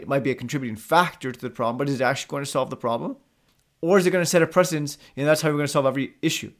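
Blunt, gravelly high-voiced man. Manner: blunt and profane, direct. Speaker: podcast host giving business advice. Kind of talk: monologue coaching.

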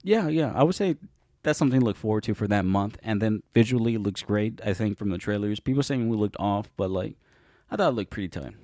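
A man's voice: lowish voice, animated, fast talker, warm tone, dry recording, studio quality. A young man co-hosting a casual movie podcast, rambling and often correcting himself when he loses a name. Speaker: podcast co-host.

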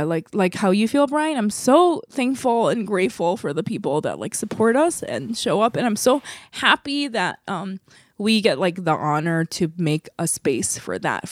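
A woman's voice: lowish voice, no echo. Candid young woman, dry close sound. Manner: candid, swears freely, heartfelt. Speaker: comedy show co-host. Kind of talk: casual podcast chat.

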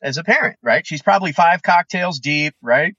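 A comedian guesting on a podcast, talking in an animated, opinionated way and acting out quoted voices. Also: male voice, on the high side, moderate pace, husky, no room sound, highs cut off. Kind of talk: casual podcast chat.

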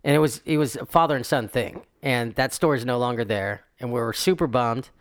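A man's voice: mid-range voice, brisk, no room sound, clean studio sound. Easygoing middle-aged podcast co-host man. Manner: easygoing, laughs often. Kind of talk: casual chat.

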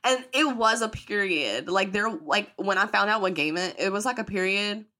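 A young woman hosts her own podcast and talks straight to the listener, candid and full of swearing. Her bright, forward voice jumps all over the place in pitch as she tells a story and slips into the voices of people she quotes. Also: expressive, normal speed. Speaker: podcast host. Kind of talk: casual storytelling monologue.

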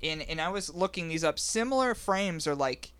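A man hosting a casual podcast chat, rambling and halting with lots of fillers. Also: on the high side, lively intonation, a bit bright, clear, resonant tone. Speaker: podcast host.

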